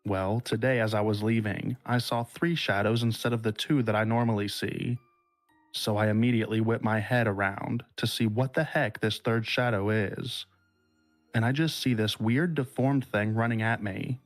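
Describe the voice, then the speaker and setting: Man reading a horror story, unhurried. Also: on the low side, steady tone, faint music behind. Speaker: podcast host. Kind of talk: reading a listener's horror story aloud, then casual chat.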